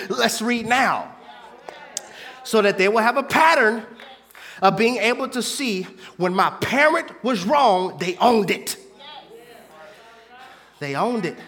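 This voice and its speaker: A pastor in his thirties with a high voice preaches a sermon, swinging between hushed asides and shouted points with the congregation.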